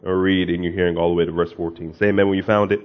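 Speaking low, level and rapid-fire, this pastor delivers a sermon in a conversational style that breaks into emphatic bursts. He prays and reads scripture aloud, captured in dull, lo-fi audio.

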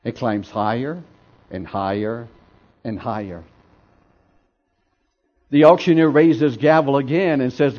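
A man preaching a dramatic sermon, telling a story with swells of intensity and drops to hushed tones, in a dull lo-fi recording. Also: mid-range voice, slow pace, long pauses. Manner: dramatic, swelling then dropping to near whispers.

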